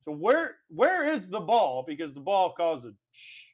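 High-voiced man, joking co-host. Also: wildly swooping pitch, a little slow. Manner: joking, ribbing the guest. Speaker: podcast co-host. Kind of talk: casual chat.

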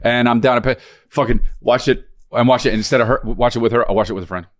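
A man co-hosting a podcast in casual chat, animated and swearing often, restarting his sentences. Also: medium pitch, fast talker, noisy background. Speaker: podcast co-host.

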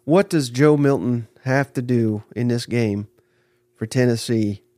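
A man hosting a football talk podcast, steering the chat with easygoing questions. Mid-pitched and relaxed, recorded dry and close. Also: a little slow, dry recording. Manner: easygoing, laughs easily, leads the questions. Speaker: podcast host. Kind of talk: casual sports talk.

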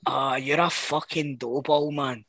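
A man's voice: mid-range voice, steady tone, measured pace, a bit bright. A man with a Scottish accent, co-hosting a podcast in casual chat, blunt and sweary. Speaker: podcast co-host.

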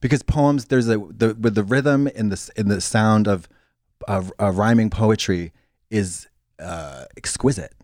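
A man co-hosting a podcast, in casual chat that rambles with halting restarts. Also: no echo, clean studio sound. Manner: rambling, halting restarts, lively pitch swings. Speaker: podcast co-host.

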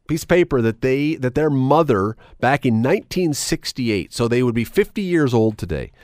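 A man's voice: medium pitch, a little mellow, dry recording, clean studio sound. A man hosting a radio talk show, chatting wryly and reading items aloud with sarcastic asides. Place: radio studio. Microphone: studio microphone.

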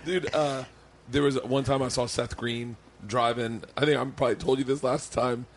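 A man's voice: medium pitch, fairly even intonation, moderate pace. Podcast host dude, loose and sweary, laughs a lot while he talks. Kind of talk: casual podcast chat.

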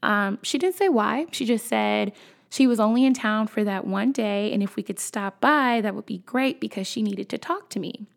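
A young woman in her twenties, hosting a podcast and telling a personal story in a casual, animated, chatty way, talking straight to her listeners. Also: medium pitch, moderate pace, gravelly. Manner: animated, conversational, addresses listeners as y'all. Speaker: podcast host.

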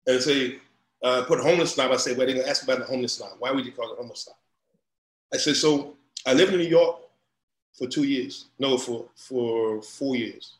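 A middle-aged Louisiana man with a Southern accent, who founded a recruiting company, tells stories as a guest in a casual interview. His mid-range voice runs a little fast, with plenty of restarts and acted-out quotes, and the recording has a roomy echo.

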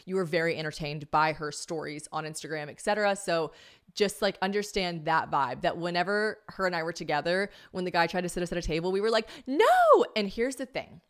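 Chatty, lively young American woman. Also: lowish voice, a little fast, clear, resonant tone. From United States. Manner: chatty, animated storyteller with swearing and playful quoted voices. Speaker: podcast host. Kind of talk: casual storytelling monologue. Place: home podcast room.

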